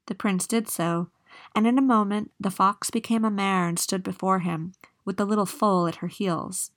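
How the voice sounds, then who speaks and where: A woman reading a fairy tale aloud in a steady, measured way. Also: mid-range voice. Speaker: storyteller.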